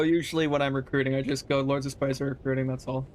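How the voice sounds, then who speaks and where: A man's voice: medium pitch, little pitch movement, fast talker, slight background noise. A young man casually chatting to his viewers during a live game stream, loose and profane, answering chat questions. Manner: laid-back, swears casually, talks to chat.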